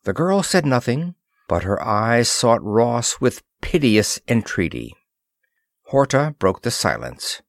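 Slow, expressive male audiobook narrator. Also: mid-range voice, gravelly, dry recording, studio quality. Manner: expressive, dramatic storytelling. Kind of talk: scripted narration.

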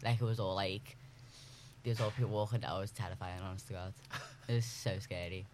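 A man's voice: sits low, fairly even intonation, brisk, darkish tone, slight background noise. A young man chatting casually in a group, emphatic and full of "like". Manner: emphatic, repeats phrases, lots of "like".

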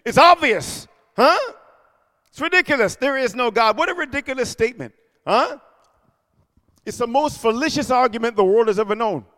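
A man preaching a sermon, calling for responses from the congregation and punching key words loudly. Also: very high voice, expressive, moderate pace, long pauses, big-room sound. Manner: call-and-response, loud bursts on key words.

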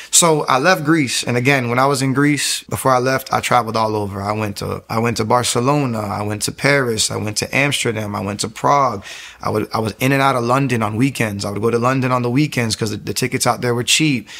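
A young man tells his faith testimony in a rushed, emphatic stream. He keeps restarting his sentences. His voice is mid-pitched and jumps up sharply at key points. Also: vocal fry, fairly bright tone. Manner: fast, emphatic telling with frequent restarts and sudden raised bursts. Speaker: former soldier giving a testimony. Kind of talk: personal faith testimony, casual storytelling.

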